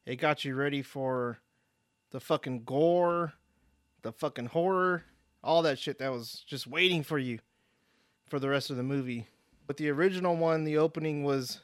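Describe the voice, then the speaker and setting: A man's voice: medium pitch, moderate pace, fairly bright tone, no room sound, studio quality. Blunt, profane man gushing about gore. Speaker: podcast co-host. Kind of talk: casual film review chat.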